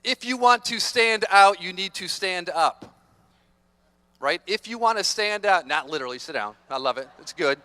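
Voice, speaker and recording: Playful, energetic male motivational speaker. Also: sits high, moderate pace. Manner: energetic, playful, teases the audience. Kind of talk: motivational talk to students. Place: large conference hall.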